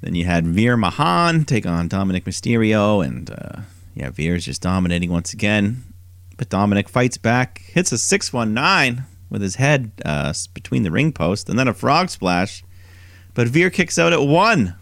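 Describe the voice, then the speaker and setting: In this studio-quality, echo-free recording, a man co-hosting a podcast animatedly retells a wrestling show, putting on a higher voice when quoting wrestlers. His voice is creaky and his pace moderate, keeping the tone casual throughout.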